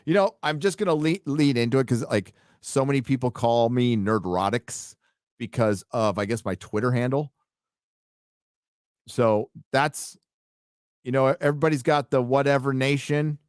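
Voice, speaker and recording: A middle-aged man hosting a casual late-night livestream, rambling, swearing and excitedly reading viewer donations aloud. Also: mid-range voice, moderate pace, clean tone, no echo, studio quality. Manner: rambling, profane, excitable, reads donor messages aloud. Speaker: livestream host reading super chats.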